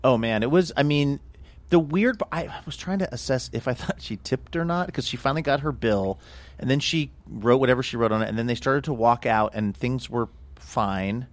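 A man's voice: medium pitch, normal speed, no echo. A man co-hosting a podcast, telling casual anecdotes and acting out quotes. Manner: animated anecdotes with voiced quotes. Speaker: podcast co-host. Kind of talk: casual storytelling.

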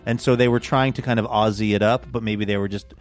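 A man's voice: fairly low pitch, steady tone, quick pace, faint music behind. A man co-hosting a podcast, talking things through in a hesitant, musing way. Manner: thoughtful, hesitant. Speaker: podcast co-host. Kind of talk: casual chat.

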